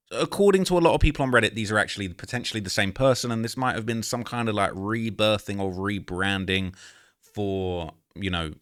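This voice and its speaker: Man, bright tone, casual slangy commentary, late 20s. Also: on the low side. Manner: slangy, chatty, keeps checking in with the listener. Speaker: reaction video host.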